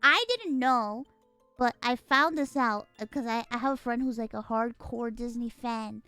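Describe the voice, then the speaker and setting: A woman hosting a stream, chatting casually with excitable, dramatic outbursts. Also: on the high side, normal speed, smooth, dry recording, soft background music. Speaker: stream host.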